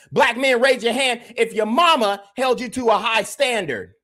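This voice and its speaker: A man's voice: very high-pitched, measured pace, fairly bright tone. A man hosting a livestream commentary podcast, talking emphatically and repeating his points. He keeps turning to address the chat directly. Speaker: podcast host.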